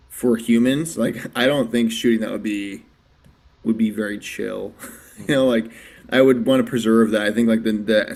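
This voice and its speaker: Podcast guest, man with a lowish voice, musing, halting and full of restarts. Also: a little mellow. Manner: hesitant, restarts often, thinks aloud. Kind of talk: casual podcast chat.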